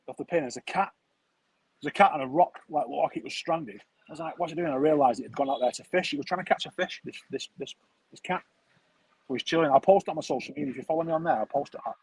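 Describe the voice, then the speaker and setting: A man who streams football tells a meandering, slang-heavy story in casual chat. His fairly high voice is a little mellow and slightly rough, and the recording is rough too.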